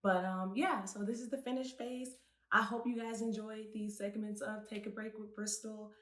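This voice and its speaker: A young woman co-hosting a casual review chat. She talks in an animated, chatty way and laughs easily. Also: medium pitch, moderate pace. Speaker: co-host and beauty segment presenter. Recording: echoey room.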